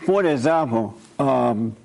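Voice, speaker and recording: A man's voice: mid-range voice, lively intonation, unhurried, gravelly, darkish tone. A man giving an informal spoken sermon in a conversational way, repeating his points and often checking in with "right?". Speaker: preacher.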